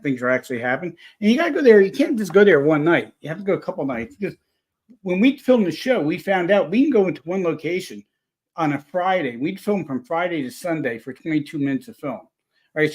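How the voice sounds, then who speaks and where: A man telling a story in a casual chat, rambling and animated, full of restarts. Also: on the high side. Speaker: paranormal investigator guest.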